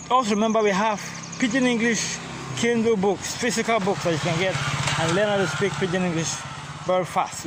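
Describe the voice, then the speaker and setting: A chatty man walks down a street as he teaches. His voice sits a little higher than most men's, and he keeps the tone loose and friendly. Faint street noise drifts in around him. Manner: easygoing and chatty, mixing in pidgin greetings. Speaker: language coach. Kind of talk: casual vlog lesson. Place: outdoors on a street, walking.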